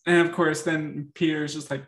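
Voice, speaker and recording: A man's voice: a little high, flat delivery, normal speed, fairly bright tone. A man co-hosting a casual movie review chat, easygoing and laughing between remarks. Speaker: podcast co-host. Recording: echoey room.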